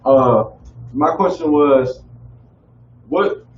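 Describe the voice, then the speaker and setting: A student in a scripture class, hesitantly asking a question. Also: male voice, fairly high pitch, very slow. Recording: distant, roomy, dull lo-fi audio with faint noise.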